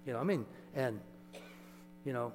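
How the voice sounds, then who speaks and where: A man's voice: medium pitch, normal speed. Preaching man in an echoey hall. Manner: conversational storytelling, checks in with listeners. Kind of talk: sermon. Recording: echoey hall with mains hum.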